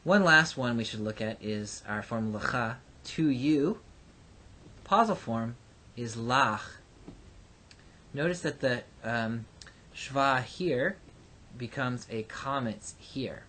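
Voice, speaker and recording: A man teaching a recorded lesson, explaining patiently with frequent pauses and fillers. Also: medium pitch, sharp tone. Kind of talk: recorded lecture.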